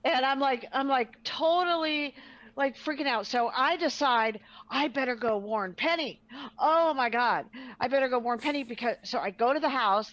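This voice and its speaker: High-voiced woman telling a story animatedly. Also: highs cut off. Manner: animated, acts out quotes, many fillers. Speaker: co-host. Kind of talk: casual storytelling chat.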